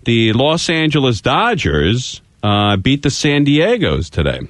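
A man's voice: medium pitch, huge pitch swings, unhurried, no room sound, clean studio sound. A man hosting a call-in radio talk show, joking loosely and laughing often. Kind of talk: casual call-in radio banter.

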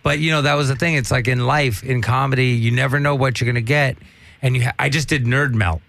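Gravelly, profane storytelling man. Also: mid-range voice, fairly even intonation, fairly quick, fairly bright tone, no echo. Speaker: stand-up comedian. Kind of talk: casual chat.

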